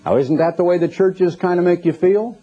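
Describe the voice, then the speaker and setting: A man's voice: high voice, fairly quick, warm tone. A man preaching a sermon, emphatic and quoting scripture, often putting rhetorical questions to his listeners. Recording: dull lo-fi recording.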